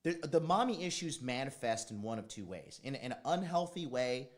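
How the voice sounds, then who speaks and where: With a sing-song, mid-range voice at normal speed, this man hosts his own relaxed livestream as a dating coach. He's blunt, wanders off on tangents, and drops an occasional swear word.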